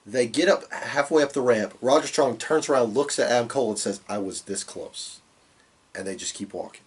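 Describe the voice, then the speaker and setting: Husky-voiced man recapping wrestling casually. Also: mid-range voice, quick pace. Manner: relaxed, filler-heavy recapping with quoted asides. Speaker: podcast co-host.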